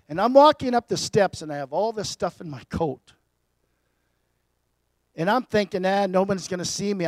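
A man preaching a personal testimony as a sermon, telling his story with big swings between loud and quiet. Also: high voice, dry recording.

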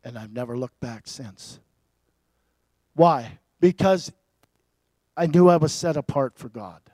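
A man preaching a personal testimony as a sermon, telling his story with big swings between loud and quiet. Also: mid-range voice, lively intonation, slow, no room sound.

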